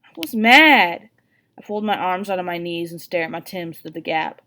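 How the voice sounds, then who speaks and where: A woman reading a novel aloud in an expressive, first-person narration. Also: fairly low pitch, brisk. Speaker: audiobook reader.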